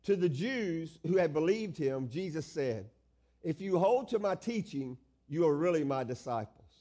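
A man's voice: fairly high pitch, animated, normal speed, warm tone. A male pastor preaching a sermon, stretching out key phrases and asking the congregation questions.

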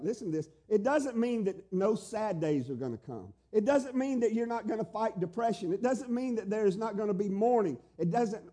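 This is a middle-aged man delivering a sermon in a high voice with a mellow, dark tone. He preaches emphatically, climbing into loud pleading questions and then dropping to a hushed, tender delivery. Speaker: pastor.

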